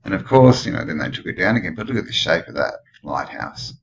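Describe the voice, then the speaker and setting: A man's voice: deep voice, big pitch swings, fast, gravelly, lo-fi sound. A man with an Australian accent who rambles and muses, asking questions as he comments casually on old photos. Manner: rambling, musing, full of questions. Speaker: channel host.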